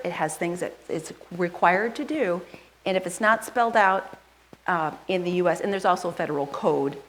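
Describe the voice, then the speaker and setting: Woman pastor, casual and chatty sermon, lower voice, faint room noise. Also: rough recording. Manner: chatty, asks the congregation questions; rushes through a list, skipping items. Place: church sanctuary.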